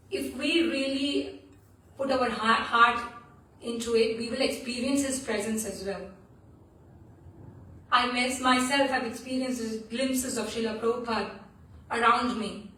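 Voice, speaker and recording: In a temple hall, a female speaker leads a devotional scripture class, earnestly recounting stories and frequently starting over. She has a fairly bright, higher voice, and there's a little hiss or hum. The room echoes, and the mic is far away.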